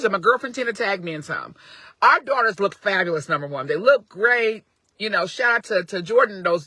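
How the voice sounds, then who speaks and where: Middle-aged woman, earnest parent vlogger, bright and close on a phone, emphatic with lots of restarts. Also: a little high, dry recording. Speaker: parent advocate streaming live. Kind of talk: casual live-stream talk.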